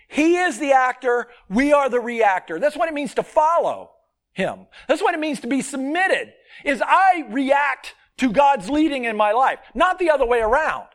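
A man preaching a sermon, earnest and emphatic, swinging between loud stressed points and quiet asides. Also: extremely high pitch.

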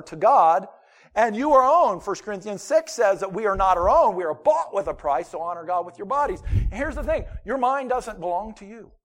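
A man preaching a sermon at a church service, animated and conversational, swinging between loud emphasis and quiet asides. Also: high-pitched. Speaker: pastor.

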